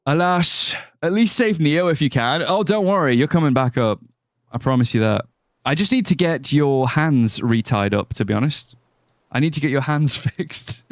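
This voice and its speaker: A man's voice: on the high side, normal speed, dry recording, clean studio sound. A man live-streaming a game, chatting casually with his viewers in a rambling, joking way and laughing often. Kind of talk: casual live-stream chat over gameplay. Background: faint music.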